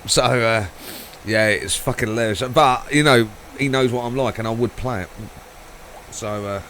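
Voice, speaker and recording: A man's voice: mid-range voice, moderate pace, fairly bright tone, a little hiss or hum, poor audio. A man live-streaming a flight simulator, chatting casually, rambling, swearing and laughing a lot.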